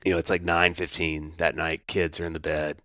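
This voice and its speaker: A man co-hosting a podcast, telling stories in a casual chat with an animated delivery and lots of restarts. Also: extremely low pitch, fairly quick, dry recording, studio quality. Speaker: podcast co-host.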